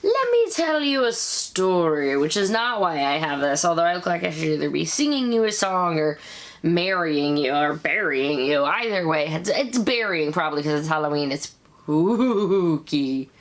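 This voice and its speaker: A woman in her thirties hosting a casual episode review, chatty and animated, with quick asides. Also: low-pitched. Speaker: show review host.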